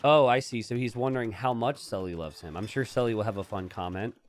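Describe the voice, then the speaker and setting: A man casting a strategy game, chatty and jokey, bursting into excited shouts and laughter. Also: fairly low pitch, fast talker. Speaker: game caster. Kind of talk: live strategy game commentary.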